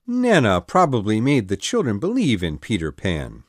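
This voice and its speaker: Here is a doubting storybook father who brushes off his children's fancies with a scoffing, matter-of-fact air, as a man plays him. His voice sits low but swoops widely up and down. The sound is close and dry. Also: huge pitch swings, normal speed, breathy edge, no echo, exaggerated voice. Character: dismissive grown father, skeptical and brisk.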